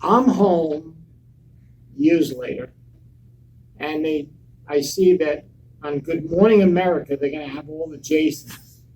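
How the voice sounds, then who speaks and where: A man's voice: on the high side, a little slow, pauses often, a little mellow, slight background noise, low-quality recording. Blunt, profane older man telling stories. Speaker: panel guest. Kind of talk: live convention panel storytelling. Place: convention panel room.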